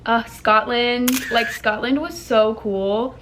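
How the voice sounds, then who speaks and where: A woman in her thirties chats to her viewers in a loose, rambling way, stacking up fillers as she goes. Her voice sits a little high, with a faint hiss behind it. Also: steady tone, takes it slowly, fairly bright tone. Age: 30s. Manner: chatty and rambling, full of fillers. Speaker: content creator. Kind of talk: casual chat.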